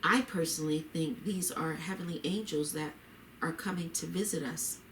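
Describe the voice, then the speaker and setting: A woman's voice: low voice, normal speed, fairly bright tone, a little hiss or hum. A woman reading the lines of a hopeful, pious young woman in a story, earnestly and reverently. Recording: roomy echo.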